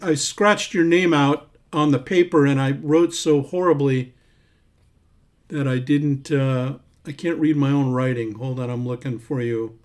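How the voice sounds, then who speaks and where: A man hosting a casual livestream, chatting and reading out viewers' names as he scrolls through comments. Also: medium pitch. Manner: warm, rambling, reads names aloud while scrolling comments. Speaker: singer-songwriter hosting a livestream.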